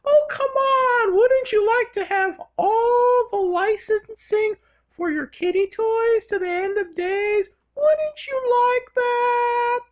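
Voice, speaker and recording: A vlogger doing a squeaky wheedling corporate mouse. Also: takes it slowly. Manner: pleading, cajoling, very high-pitched.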